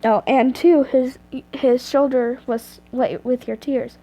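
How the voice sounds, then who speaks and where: Sex: woman. Style: reading a story aloud. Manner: stumbling, self-correcting, slow. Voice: high and mellow. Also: fairly even intonation, dull audio. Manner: stumbles and corrects herself often. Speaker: reader of fan fiction.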